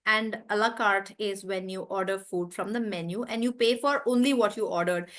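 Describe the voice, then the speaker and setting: A woman teaching pronunciation in an online class. She is upbeat, laughs often, and repeats words slowly to model the stress. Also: medium pitch, fairly bright tone.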